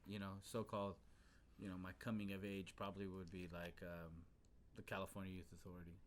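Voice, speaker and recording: A man hosting a podcast, telling his story in a relaxed, casual way, full of fillers and casual swearing. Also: deep voice, a little fast, slight background noise. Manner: laid-back, heavy on fillers like "you know what I mean", swears casually. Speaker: podcast host. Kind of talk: casual storytelling in a men's talk circle.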